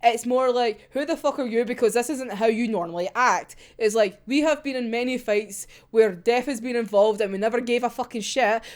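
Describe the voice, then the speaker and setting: A young woman chatting casually as she reviews a comic chapter, excitable and sweary, often breaking into laughter. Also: fairly high pitch. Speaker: manga reaction vlogger.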